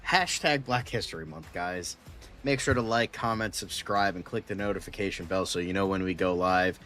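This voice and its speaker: A man co-hosting a casual podcast chat, deadpan and sarcastic, swearing freely. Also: sits low, normal speed, faint music behind. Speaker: podcast co-host.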